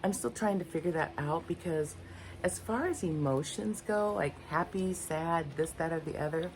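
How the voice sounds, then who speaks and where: Older woman, low voice, unscripted self-reflective vlog talk, meandering and frank. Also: moderate pace, darkish tone, slight background noise. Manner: candid, rambling, searching for words. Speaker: vlogger. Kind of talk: unscripted personal talk to camera.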